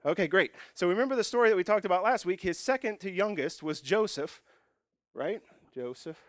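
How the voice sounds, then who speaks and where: A man's voice: sits high, lively intonation, a little fast, no echo, studio quality. A man preaching a sermon, praying and then teaching at a whiteboard in a folksy, joking way. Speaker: pastor.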